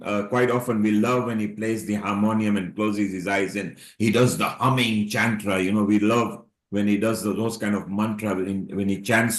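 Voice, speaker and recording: A man's voice: fairly low pitch, reverberant, poor audio. A man hosting an online call, talking in a loose, rambling way and repeating words. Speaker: host. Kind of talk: casual online chat.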